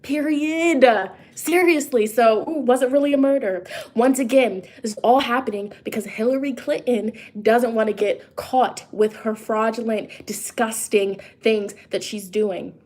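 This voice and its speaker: Emphatic, chatty higher-voiced woman. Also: unhurried, few pauses, a little mellow. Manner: emphatic, talks straight to viewers with rhetorical questions; loose and conversational, with frequent restarts and asides. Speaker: tarot reader and psychic. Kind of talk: casual vlog monologue.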